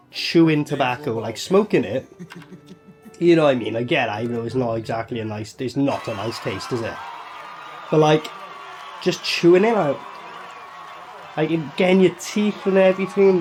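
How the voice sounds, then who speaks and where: A man reacting to a TV episode in loose, sweary chat, leaping up and down in pitch as he talks. Soft music from the episode plays faintly underneath him. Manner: excitable, swears freely, fills with "like" and "you know what I mean". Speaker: reaction video host. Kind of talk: casual reaction commentary.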